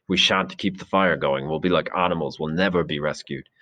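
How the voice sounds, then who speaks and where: A man's voice: extremely low pitch, a little fast, sharp tone, highs cut off. A man reading aloud, voicing an earnest, troubled boy who was chosen chief. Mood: uneasy.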